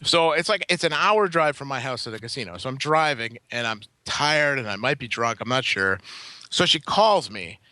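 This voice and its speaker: A man's voice: mid-range voice, lively intonation, normal speed, bright, forceful tone, slight background noise. A man co-hosting a podcast, telling a long, rambling anecdote in casual, profane chat. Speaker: podcast co-host. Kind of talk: casual storytelling.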